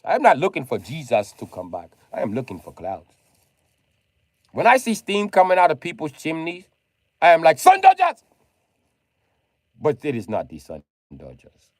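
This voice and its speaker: Man, livestream rant, profane, slightly high voice, dry room. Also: very animated, normal speed, no room sound. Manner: ranting, swings into loud high mock pleading.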